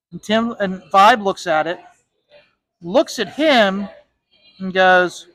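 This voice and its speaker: A man's voice: high-pitched, takes it slowly, fairly bright tone, no echo, low-quality recording. A man who is a comic artist, casually telling a story while he draws, rambling with frequent restarts and repeated words.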